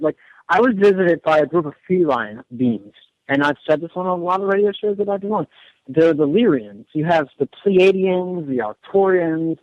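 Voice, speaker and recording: A man's voice: fairly high pitch, dry recording. A man guesting on a radio show, talking earnestly in a rambling way, with many restarts and repeated words. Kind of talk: casual radio interview talk. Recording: dull lo-fi radio audio.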